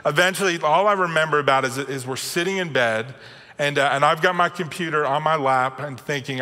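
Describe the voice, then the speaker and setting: A middle-aged man preaching with a bright, forceful tone and a slightly high voice. He tells stories in a relaxed, self-deprecating way, and his voice rings out with the long reverb of a church hall. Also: a little fast. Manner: conversational, self-deprecating storytelling. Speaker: pastor. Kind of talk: sermon with personal stories.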